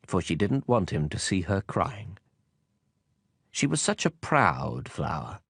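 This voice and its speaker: Casting: male audiobook narrator, calm, expressive reading, dry close sound. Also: deep voice, takes it slowly, gravelly, slightly rough, dry recording.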